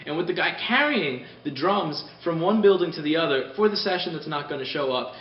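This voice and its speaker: A man casually ranting on a vlog, animated, rambling and profane, heard from a distance. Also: on the high side, a little fast. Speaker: repair shop owner vlogging. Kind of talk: casual spoken rant. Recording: distant mic in a roomy space, dull sound.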